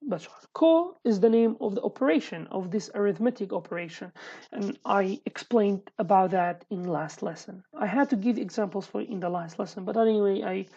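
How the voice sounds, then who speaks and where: A native Kurdish speaker with a Sulaymaniyah accent teaches an online English lesson, restarting often and repeating examples slowly. Her medium-pitched voice is dark and husky. The sound is lo-fi.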